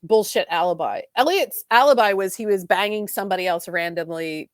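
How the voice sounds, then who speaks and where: Fast-talking woman gushing over a soap. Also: medium pitch, a crowd in the background. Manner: fast, animated retelling with many "like"s. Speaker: podcast co-host. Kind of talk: casual chat recapping a soap opera.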